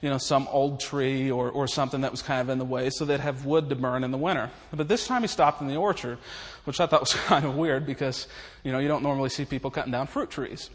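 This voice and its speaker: A man's voice: medium pitch, steady tone, fast. A man preaching in a humorous, folksy way, chuckling his way through stories. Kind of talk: humorous storytelling sermon. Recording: long reverb of a large hall.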